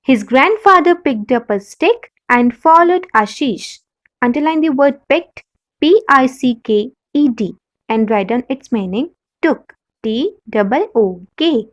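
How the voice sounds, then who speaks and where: Slow, deliberate Indian English woman teacher. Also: high-pitched, expressive. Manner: spells words letter by letter, slow and deliberate. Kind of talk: classroom lesson, reading a passage and spelling words.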